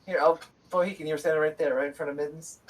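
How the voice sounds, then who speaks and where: Husky-voiced male game master, mic at a distance. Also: a little high, fairly even intonation, fast. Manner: loose, joking, swearing freely. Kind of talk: narrating a tabletop game.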